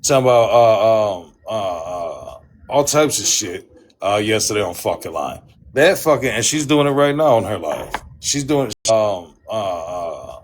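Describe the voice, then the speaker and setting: In a fairly low, sing-song, unhurried voice, a livestream host rants about an online feud, giving his side of it. He's heated and profane, going over the same ground repeatedly. Slight background noise can be heard.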